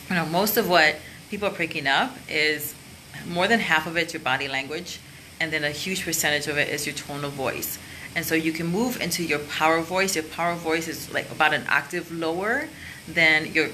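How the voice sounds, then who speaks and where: A career and sales coach gives a casual, chatty lesson to camera, open in manner and demonstrating her points with her own voice. Her voice is low yet bright and forceful, on a low-quality recording with a little hiss or hum.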